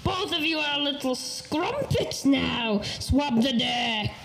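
A man's voice: very high voice, expressive, slow pace, creaky, fairly bright tone, slight background noise, full character voice. A young man voicing a drunken, rum-obsessed undead pirate captain in a comedy podcast, with blustering pirate talk. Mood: rowdy. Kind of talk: improvised comedy podcast role-play.

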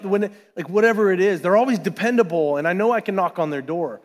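Pastor, male, fairly high voice, chatty animated sermon, long church reverb. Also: quick pace. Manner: conversational, animated preaching with asides. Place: church sanctuary.

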